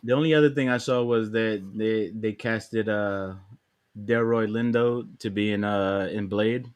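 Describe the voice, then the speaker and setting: A man's voice: lowish voice, fairly even intonation, measured pace, highs cut off. A man co-hosting a casual podcast, telling a story in a rambling way with many fillers. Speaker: podcast co-host.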